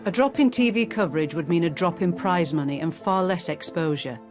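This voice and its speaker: A woman reads scripted documentary narration in a measured tone. Her voice is slightly low, and faint music plays underneath. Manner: measured, formal.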